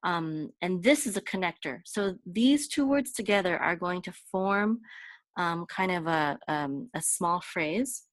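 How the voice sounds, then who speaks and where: A woman's voice: expressive, dry recording. A woman teaching Torah chanting in an informal lesson, explaining patiently and breaking into short sung examples. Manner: explains slowly, then sings chanted examples higher and louder.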